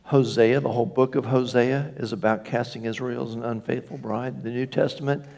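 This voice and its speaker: This pastor's voice sits at medium pitch, brisk and gravelly with a touch of mellowness, and his intonation stays fairly even. Delivering an emphatic church sermon, he lifts his voice on important phrases and calls for the congregation's agreement.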